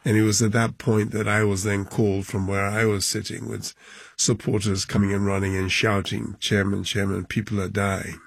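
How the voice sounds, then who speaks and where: A man, a football club chairman, recounting events in a documentary interview, halting and emotional, his voice dropping low at times. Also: level tone, gravelly.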